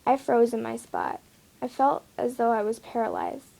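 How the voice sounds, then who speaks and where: A young woman reading a fan story aloud in an unhurried amateur way, with small slips. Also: fairly high pitch, huge pitch swings, gravelly, dark tone.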